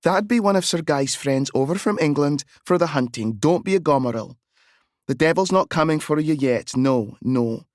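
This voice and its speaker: Man putting on a brisk auntie, higher voice, teasing and no-nonsense, dry sound. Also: animated, a little mellow, dry recording, natural voice. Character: brisk strong young Irish aunt.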